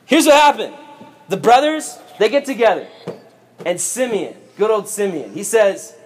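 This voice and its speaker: A man preaching to a youth group as youth pastor, retelling a story in a jokey, animated way with playful asides. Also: sits high, moderate pace, a little hiss or hum. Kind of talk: comic sermon storytelling.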